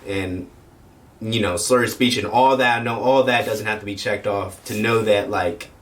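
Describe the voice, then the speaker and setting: A man's voice: on the low side, steady tone, a little slow. A young man, a firefighter and paramedic, telling a personal story in a rambling, slangy way with many fillers. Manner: rambling, lots of fillers, slangy, acts out quotes. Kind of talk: casual storytelling vlog.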